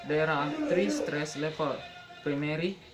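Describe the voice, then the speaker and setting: A young man giving a classroom pronunciation lesson, halting and restarting, repeating each example word slowly. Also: on the high side, music in the background, rough recording. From Indonesia. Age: young adult. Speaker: student presenter.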